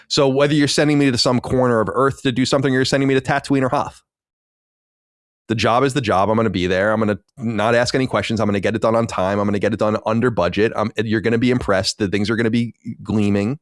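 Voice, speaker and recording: A man co-hosting a casual gaming podcast, stacking up short, emphatic statements one after another. His voice is somewhat low, and it sounds close and dry with no room around it. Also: no echo. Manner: emphatic, repetitive lists. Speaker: podcast co-host. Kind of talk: casual chat.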